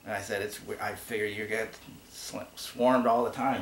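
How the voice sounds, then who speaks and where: A man co-hosting a casual online show speaks at normal speed in a lowish voice with fairly even intonation. He's a chatty, rambling storyteller who restarts often while answering viewer questions; faint hiss and room echo are audible.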